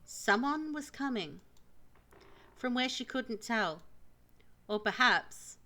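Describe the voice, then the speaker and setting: A woman streamer narrating a visual novel aloud in an expressive, dramatic storytelling manner. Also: fairly high pitch, takes it slowly.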